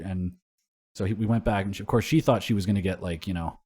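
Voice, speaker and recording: Low-voiced man telling rambling stories. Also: fairly even intonation, a little fast, darkish tone, slightly rough. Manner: rambling storyteller, swears and laughs often. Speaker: podcast co-host. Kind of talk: casual podcast chat.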